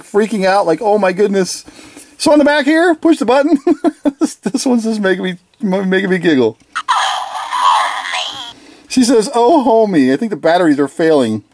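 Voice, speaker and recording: Toy reviewer, casual video review, giggly, enthusiastic, very animated pitch. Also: a little hiss or hum. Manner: giggly and enthusiastic, laughs often; mimics the toys' catchphrases playfully.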